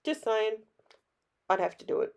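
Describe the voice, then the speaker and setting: A middle-aged Australian woman with a hoarse, raspy voice, chatting in a rambling, self-deprecating way as she narrates her scrapbooking. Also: fairly high pitch, lively intonation, moderate pace, a little mellow. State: hoarse from illness. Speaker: scrapbooking vlogger. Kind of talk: casual voice-over narration.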